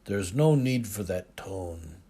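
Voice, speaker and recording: An audiobook reader voicing an older father with a low, slow, soft-spoken manner. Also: animated, creaky, husky, exaggerated voice. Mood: chiding. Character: older Scottish father, gruff but tender.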